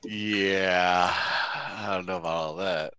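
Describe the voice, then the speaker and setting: A man's voice: deep voice, steady tone, slow. A laid-back man chatting easily as a panel guest. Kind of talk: casual panel chat. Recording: crowd murmur in the room.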